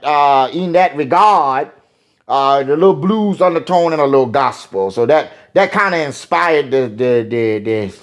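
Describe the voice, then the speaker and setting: An older man, chatting in an interview about his music. His speech rambles with fillers and repeats, in a voice set a bit high for a man. The pitch swings widely up and down as he talks. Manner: rambling, folksy, many fillers. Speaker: singer.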